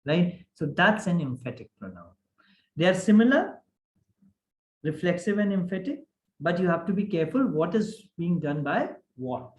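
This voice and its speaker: In an echoey room, a high-pitched man speaking at normal speed runs an online grammar class. He's lively and asks many questions to make sure everyone is keeping up.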